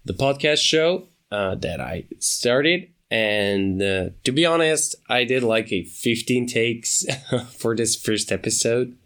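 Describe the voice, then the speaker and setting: A man hosting his own podcast, talking off the cuff in a hesitant way, with many pauses and restarts. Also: mid-range voice, lively intonation, fairly bright tone. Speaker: podcast host. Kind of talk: unscripted solo podcast talk.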